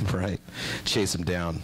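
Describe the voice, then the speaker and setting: Twenty-something guy doing standup in a little club, deadpan then yelling. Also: sits low, slight background noise, poor audio. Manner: deadpan with sudden shouted voices. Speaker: stand-up comedian. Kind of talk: stand-up comedy set. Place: small comedy club stage.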